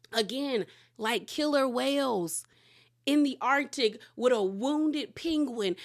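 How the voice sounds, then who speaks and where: A woman recapping reality TV episodes in casual commentary, telling the story with animated energy and frequent laughter. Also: a little high. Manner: acts out quotes in exaggerated voices.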